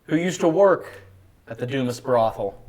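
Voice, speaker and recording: A man on a ghost hunt, talking in an alert hush and calling out to spirits. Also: mid-range voice, expressive, normal speed, low-quality recording. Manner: hushed and alert, calls out to spirits. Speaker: guest paranormal investigator. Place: dark old building indoors.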